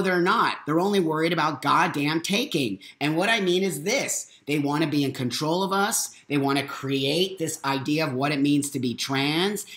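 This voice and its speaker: A man's voice: high-pitched, fairly bright tone. A middle-aged man hosting a live morning talk stream from his home, boisterous, blunt and profane, repeating his points for force. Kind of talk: unscripted live monologue. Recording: roomy echo.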